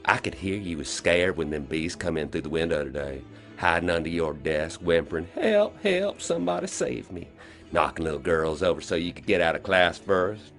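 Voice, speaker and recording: A man voicing a slow, confident country schoolgirl with a rural Southern accent, sly and teasing. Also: low voice, animated, soft background music. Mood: taunting. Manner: drawling, teasing, quietly menacing.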